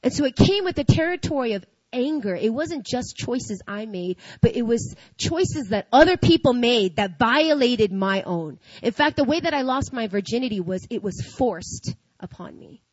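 A woman's voice: a little high, expressive, normal speed, hardly any pauses, darkish tone, dry recording. A woman giving an earnest, confessional faith testimony, often adding "you know what I mean.". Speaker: speaker sharing a personal testimony. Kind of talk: emotional faith testimony to an audience. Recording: dull lo-fi sound.

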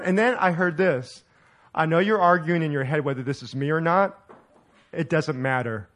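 Animated, laughing pastor preaching. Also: male voice, a little high, normal speed. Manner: animated, laughing storyteller who acts out quoted dialogue. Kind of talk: sermon storytelling.

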